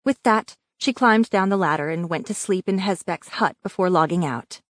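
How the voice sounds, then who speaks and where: A woman with a fairly low voice reads scripted audiobook narration, keeping her storytelling measured and even. The sound is studio quality with no room sound.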